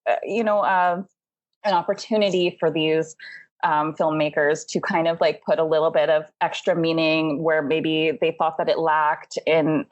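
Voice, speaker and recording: A woman's voice: low voice, level tone, moderate pace, lo-fi sound. A young adult woman co-hosting a podcast in casual chat, rambling and filling her talk with "like.". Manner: rambling, says "like" constantly, laughs often. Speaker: podcast co-host.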